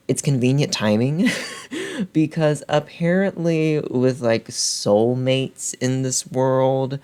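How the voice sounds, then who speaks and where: A man's voice: medium pitch, expressive, takes it slowly, a little mellow, clear, resonant tone. A man recapping a book in a casual vlog, chatty and full of fillers, often laughing. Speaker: book reviewer.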